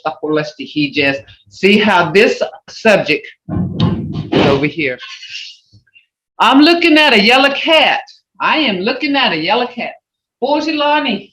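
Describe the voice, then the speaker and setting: An older woman teaching a language class over a video call, animated and acting out expressions with big swoops in her voice. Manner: animated, acts out expressions with sweeping pitch. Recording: dull, roomy video call audio.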